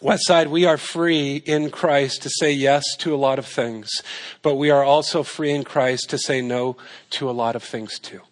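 At a moderate pace and medium pitch, with fairly even intonation, a pastor talks through his sermon conversationally. Rhetorical questions and repeated points carry his emphasis.

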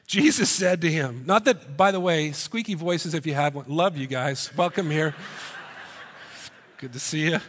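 A man's voice: on the high side, moderate pace, a bit bright, in a large hall, slight background noise. A man preaching a sermon in a conversational way, firing rhetorical questions at the congregation and slipping in joking asides. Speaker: pastor. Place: church hall before a congregation.

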